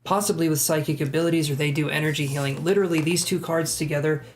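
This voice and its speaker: A live-stream tarot reader with an easygoing, chatty delivery and self-deprecating asides. The voice sits at a middling pitch. A faint background hiss runs under the talk. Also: fairly even intonation, quick pace.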